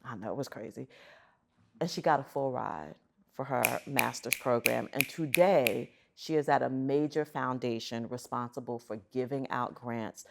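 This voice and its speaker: A middle-aged woman, a guest on an interview show, telling stories in an animated, emphatic way. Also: rumbling low, moderate pace, creaky, noisy background. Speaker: guest, arts center chief executive. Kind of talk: conversational storytelling.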